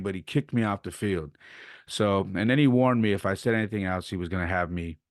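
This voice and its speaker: A man's voice: low-pitched, dry recording, clean studio sound. A man hosting a podcast, casually telling a story about coaching youth baseball and acting out the exchanges he retells. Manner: animated retelling, acts out quoted exchanges.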